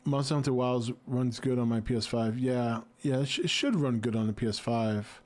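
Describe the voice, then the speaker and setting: A man's voice: medium pitch, normal speed, a little mellow. A man in his forties hosting a casual livestream, reading and answering chat with a laid-back, jokey manner.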